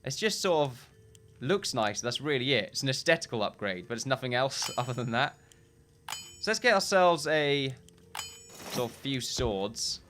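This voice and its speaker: A man's voice: medium pitch, animated, normal speed, bright, forceful tone, slight background noise. A man giving casual gameplay commentary, rambling and correcting himself often, with short chuckles.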